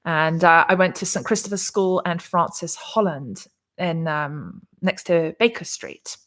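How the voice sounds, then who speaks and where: Speaking a little slowly in a lowish, animated, slightly bright voice, the English woman runs her casual crypto livestream from her condo in Arizona. She reads out viewer comments and chats, wandering with frequent restarts and fillers.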